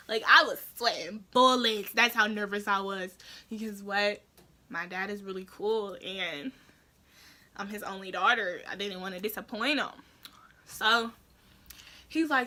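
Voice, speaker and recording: Young woman, casual storytime vlog, high-pitched, bright, animated storytelling, lots of filler words. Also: a little slow, pauses often. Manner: animated storytelling, acts out quoted family voices; frequent "like" and "that's that" fillers. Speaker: vlogger.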